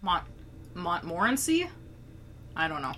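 A woman with a lowish voice chats and jokes with a friend in a teasing way. Her voice is bright and bounces around a lot in pitch. A faint background noise sits under the recording. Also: very animated, a little slow. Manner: teasing, joking. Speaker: co-host. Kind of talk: casual chat.

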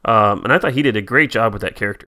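A man's voice: lowish voice, fast, bright, forceful tone. A man co-hosting a podcast in casual chat, playful and rambling as he riffs. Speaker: podcast co-host.

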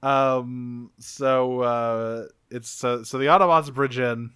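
A man recaps a cartoon episode for a podcast in loose, profane, animated storytelling. His voice is bright and crisp, with a smooth clarity. The sound is dry and close, with no room to it. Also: medium pitch, slow pace, dry recording. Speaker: podcast co-host.

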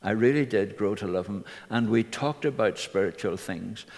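A man's voice: lowish voice, moderate pace, creaky, a little mellow. An older man, a minister earnestly telling personal stories to his congregation. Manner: earnest anecdotal storytelling. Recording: reverberant hall.

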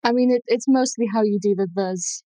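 A woman's voice: fairly high pitch, brisk, mellow, no room sound, rough recording. Woman with a Lancashire accent, dry close sound. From Lancashire, England. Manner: explanatory, thoughtful, with many ums. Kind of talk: casual chat about food history.

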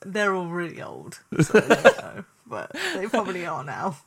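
A woman's voice: fairly low pitch, big pitch swings, normal speed, gravelly, crowd noise. A woman co-hosting a podcast in casual chat, playful and self-deprecating, often breaking into giggles. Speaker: podcast co-host.

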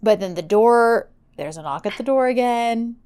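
A woman's voice: on the high side, lively intonation, normal speed, dark tone, clean tone. A woman casually recapping a TV drama with a co-host, animatedly acting out the characters' lines as she goes. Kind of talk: casual chat.

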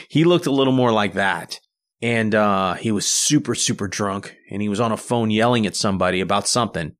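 A man's voice: fairly low pitch, steady tone, a little fast. A man hosting a podcast, telling rambling personal anecdotes in a casual solo monologue and often restarting his sentences. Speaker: podcast host.

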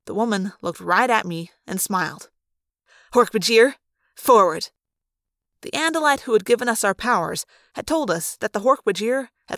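A woman narrating a fan-read audiobook, telling the story in an expressive, dramatic way. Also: mid-range voice, dry recording, studio quality. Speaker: audiobook reader.

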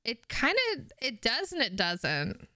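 A woman's voice: fairly high pitch, big pitch swings, measured pace, pushed and bright, dry recording, clean studio sound. A woman co-hosting a gaming podcast, chatting casually with lots of "like" and swearing, laughing often. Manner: giggly, swears freely, fillers like "like". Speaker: podcast co-host. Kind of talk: casual chat.

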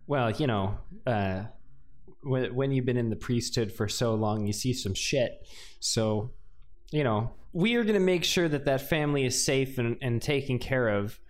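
A man's voice: medium pitch, animated, measured pace, natural voice. A man voicing a folksy priest with a put-on Texan accent, drawling and reassuring. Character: folksy middle-aged male priest.

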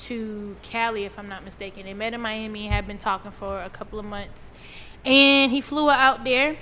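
A woman co-hosting a casual podcast, playful and quick to laugh as she tells stories. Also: medium pitch, fairly even intonation, sharp tone, in a large hall, slight background noise. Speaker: podcast co-host. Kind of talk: casual chat.

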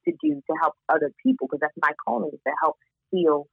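Lively woman with a Baltimore accent. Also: low voice, quick pace, gravelly, slightly rough, no room sound, phone-quality sound, soft background music. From Baltimore, USA. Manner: animated, emphatic, laughs often. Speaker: podcast guest, founder of a moms' community. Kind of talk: casual chat.

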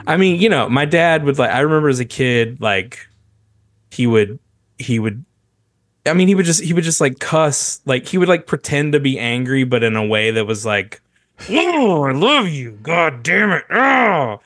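A man in the middle of a loose comedy podcast chat, wandering through his thoughts with restarts and little laughs. His voice sits at an ordinary middle pitch, and the sound is close and dry, with no room around it. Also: no echo. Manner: rambling, halting, laughs often. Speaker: podcast co-host.

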